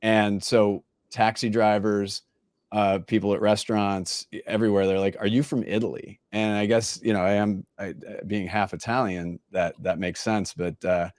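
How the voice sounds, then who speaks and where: A man's voice: lowish voice, little pitch movement, normal speed, darkish tone, clean tone, dry recording, clean studio sound. An American man hosting a casual interview, chatty and self-deprecating. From United States. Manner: chatty and self-deprecating, switching between French and English. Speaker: podcast host.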